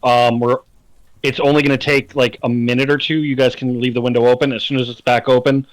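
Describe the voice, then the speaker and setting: A man running a tabletop game as dungeon master, describing scenes slowly and deliberately over a home mic. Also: medium pitch, little pitch movement, dry recording, rough recording.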